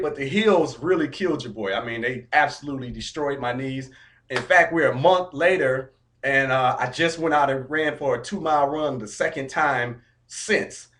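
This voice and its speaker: A man vlogging a casual update, telling his story in an upbeat, motivational way, with a mid-pitched voice. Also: a bit bright.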